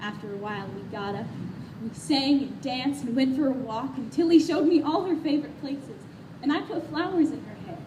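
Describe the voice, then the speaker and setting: A high-pitched woman tells a story in an earnest, emotional voice. She sounds far from the microphone, in an echoey space with clear noise behind her. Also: fairly quick. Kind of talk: dramatic story reading. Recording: echoey, distant, noisy live rally.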